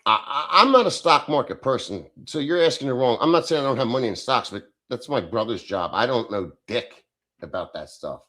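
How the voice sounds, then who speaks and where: A man's voice: medium pitch, animated, a little fast, sharp tone. A middle-aged man hosting a casual livestream, reading chat and answering in a blunt, profane, off-the-cuff way.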